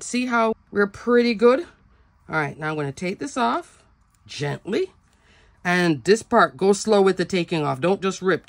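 A woman's voice: fairly low pitch, dry recording. A woman hosting a step-by-step card-making tutorial, chatty and talking through each step, laughing at herself now and then. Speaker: craft tutorial host. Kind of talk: step-by-step crafting demo.

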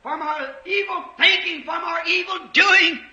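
A man preaching a fervent sermon, telling stories and rising to shouts. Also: very high voice, measured pace. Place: church. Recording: roomy dull 1950s church recording.

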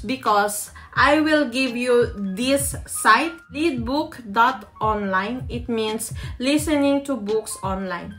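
A woman's voice: fairly high pitch, fairly bright tone. A woman, giving a language tutorial to camera and explaining her tips step by step. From Philippines. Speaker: language teacher.

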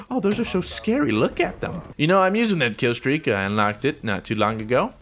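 A man giving jokey, self-mocking commentary over his own shooter gameplay, often shouting in surprise. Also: fairly high pitch, big pitch swings, brisk, faint music behind. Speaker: gaming YouTuber.

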